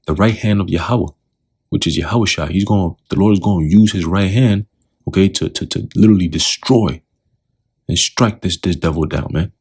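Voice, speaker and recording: A man's voice: sits low, moderate pace, darkish tone, breathy edge. A man teaching scripture in a loose, talkative way, often putting questions to the listener.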